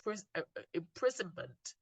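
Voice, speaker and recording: A woman slowly retelling moving stories in an earnest, reflective talk, often stopping and restarting her sentences. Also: fairly low pitch, big pitch swings, slightly rough, no echo. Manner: earnest, slow storytelling with frequent restarts. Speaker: inspirational speaker.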